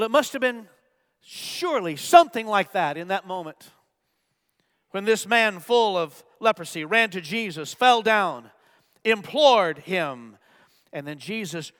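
A man preaching a sermon, swinging from loud, emphatic bursts to hushed, near-whispered lines. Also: high voice, smooth, in a large hall. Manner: acts out gasps for effect. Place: church.

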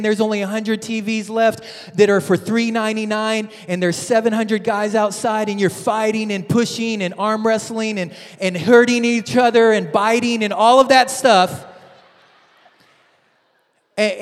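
Animated high-voiced male pastor preaching. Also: smooth. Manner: animated storytelling with many restarts. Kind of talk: sermon. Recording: reverberant church hall.

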